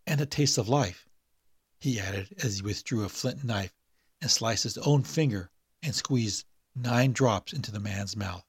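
A man's voice: lowish voice, measured pace, breathy edge, dry recording, studio quality. Role: podcast host. Sex: man. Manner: hesitant, then reads a story. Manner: hesitant, full of fillers and restarts in chat. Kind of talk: casual podcast talk and story reading.

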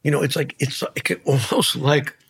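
Brief: man, very raspy gravelly voice, thoughtful halting talk. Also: on the high side, fairly even intonation, a bit bright. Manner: slow, searching, halting phrasing. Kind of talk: casual chat.

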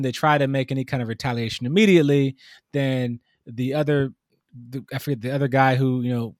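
A man telling a long story in casual conversation, animated and acting out the people in it. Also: medium pitch, no echo, studio quality. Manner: animated storytelling, mimics customers. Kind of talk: casual chat.

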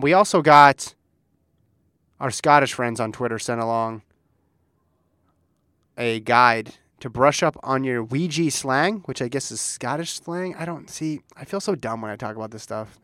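A man's voice: medium pitch, moderate pace, fairly bright tone, dry recording, studio quality. A man co-hosting a casual sports talk show, playfully quizzing his co-host. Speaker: podcast co-host. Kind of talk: casual chat.

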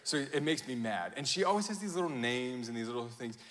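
A man in his thirties preaching a sermon, telling a family story with animated acted-out quotes and self-mocking laughter. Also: medium pitch, brisk. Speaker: pastor. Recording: long hall reverb.

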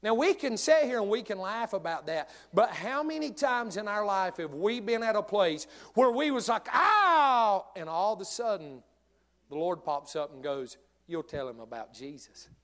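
A male pastor preaching a sermon, telling humorous stories in an animated way. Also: high-pitched, moderate pace.

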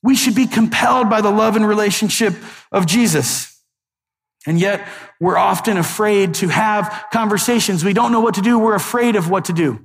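High-voiced pastor preaching in an echoey hall. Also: male voice, normal speed. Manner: lively, conversational, joking asides. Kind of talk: sermon.

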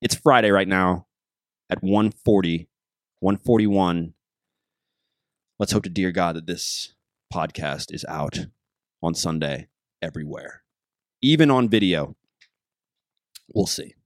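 A man's voice: deep voice, a little slow, pauses often, dry recording, studio quality. A man hosting his podcast alone, rambling casually, joking and losing his train of thought. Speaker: podcast host. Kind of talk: casual solo podcast monologue.

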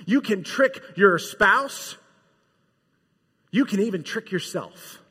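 Male preacher, emphatic casual sermon delivery, breathy and bright, reverberant hall. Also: high-pitched, lively intonation, slow. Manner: emphatic, swings from loud to hushed, casual slang. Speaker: pastor.

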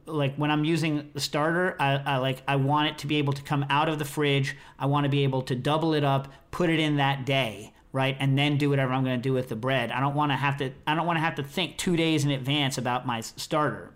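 A man's voice: medium pitch, fairly bright tone. A middle-aged American man hosting a podcast, chatting casually in a rambling, self-interrupting way. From United States. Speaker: podcast host.

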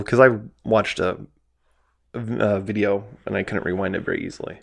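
A man's voice: on the low side, flat delivery, fairly quick, vocal fry. A man co-hosting a film podcast, chatting casually with dry quips and short interjections. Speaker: podcast co-host.

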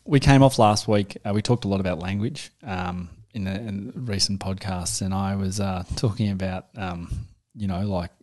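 A man's voice: deep voice, fairly even intonation, moderate pace, darkish tone. A man co-hosting a podcast, joking and poking fun at himself in a casual chat. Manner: joking, self-mocking. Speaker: podcast co-host.

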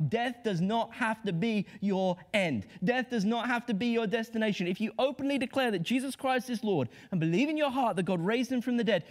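A man delivers a Good Friday sermon in a notably high voice. He preaches with impassioned, rhetorical drive, sinking to hushed lows before climbing to emphatic peaks. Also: expressive, a little fast, hardly any pauses.

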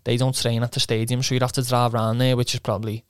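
A man's voice: mid-range voice, little pitch movement, quick pace, clean tone, dry recording, clean studio sound. A young man telling a rambling, swearing footballer's anecdote, quoting himself and laughing often. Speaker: footballer guest. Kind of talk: casual anecdote.

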